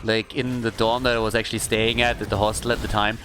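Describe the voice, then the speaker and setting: A man casting a live video game match, talking casually, swearing freely and breaking into animated stories. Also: fairly low pitch, fast, slight background noise. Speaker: esports caster.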